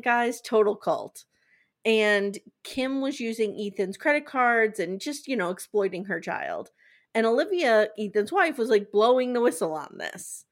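A woman hosting a podcast, recapping a TV show in a chatty, animated, gossipy way. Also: on the high side. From eastern United States. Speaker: podcast host. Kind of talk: casual podcast chat.

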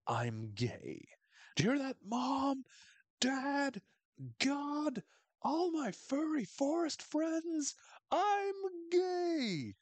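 A wide-eyed, overwrought coach on a mushroom trip pours his heart out in a voice that leaps up high and cracks with feeling, as a man puts him on. His pitch swings all over the place. He is recorded close and dry. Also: wildly swooping pitch, a little slow, a little mellow, dry recording, heavily acted. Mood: declaring. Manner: gushing, impassioned, cracking high. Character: emotional middle-aged male sports coach on a mushroom trip.

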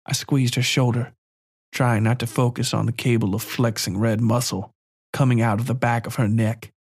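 A man narrating a first-person horror story in a measured, quiet, calm way. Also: medium pitch, breathy edge, dry recording, studio quality.

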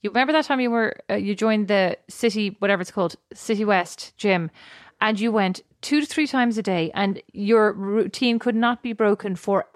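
A woman's voice: mid-range voice, moderate pace, few pauses, no echo, studio quality. A woman co-hosting a podcast, teasing her sister and talking over her in casual chat. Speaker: podcast co-host.

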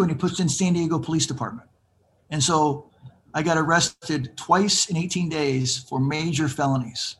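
A man in his fifties telling his own life story in an interview, animated and acting out the voices of people he quotes. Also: fairly high pitch, slight background noise. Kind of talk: conversational storytelling.

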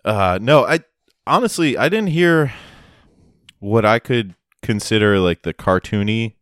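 Brief: casual podcast co-host, man, rambling sarcastic storyteller, smooth resonant voice, dry close sound. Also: mid-range voice, a bit bright, no room sound. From Massachusetts. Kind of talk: casual chat.

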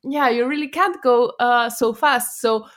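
A woman's voice: on the high side, unhurried. Laughing woman with a Mexican accent. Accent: Mexican Spanish. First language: Spanish. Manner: laughs often, animated storyteller. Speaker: guest. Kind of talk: casual interview chat.

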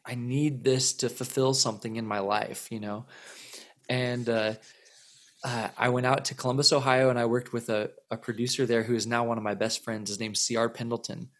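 In a relaxed storytelling interview, a thirty-something musician guest spins a lengthy tale. His pitch is an unremarkable middle, and he meanders, repeating words, circling back and leaning on fillers.

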